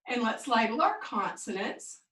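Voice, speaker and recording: A woman teaching first grade phonics, prompting young pupils and slowly sounding out words in a sing-song way. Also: on the high side, big pitch swings, a bit bright. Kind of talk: remote phonics lesson for young children. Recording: echoey room, mic at a distance.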